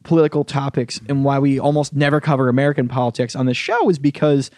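A man's voice: mid-range voice, animated, quick pace, a little mellow, no echo, studio quality. A man hosting a podcast in loose, profane casual chat. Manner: loose and profane, many fillers. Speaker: podcast host.

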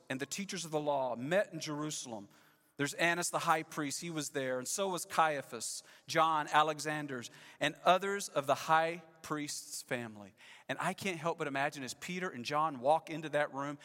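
Guy pastor preaching, fairly high voice, big dramatic swings loud to hushed, long church echo. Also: normal speed. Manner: dramatic, shifts between loud emphasis and hushed lows. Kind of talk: sermon. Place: church sanctuary.

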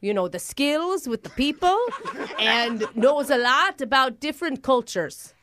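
A woman's voice: high voice, lively intonation, unhurried, background noise. A woman voicing a boozy, rambling fake Irish job applicant with a put-on Irish accent. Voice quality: rambling, tipsy-sounding.

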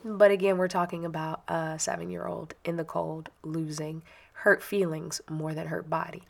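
Gravelly-voiced mom telling a story. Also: female voice, low voice, moderate pace. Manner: animated, chatty, self-mocking. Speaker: parent. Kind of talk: personal storytelling monologue.

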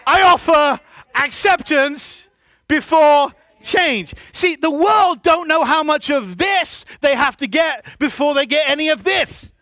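A male pastor with a very high, bright and forceful voice delivers a sermon in a church. He keeps calling on the congregation to answer back and pushes up to loud, emphatic shouts. The sound is dry and close, with almost no room echo. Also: slow pace. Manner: preaching with call-and-response to the congregation.

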